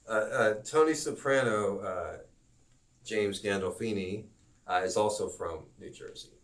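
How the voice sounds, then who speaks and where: A man teaching a live-streamed geography lesson, rambling and halting, with self-promoting asides. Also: fairly low pitch, far from the mic.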